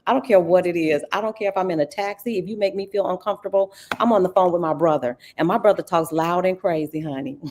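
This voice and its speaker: A woman hosts a casual livestream conversation in a slightly low voice. She talks in an animated, folksy way, calling her listeners honey and girl. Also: brisk. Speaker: host.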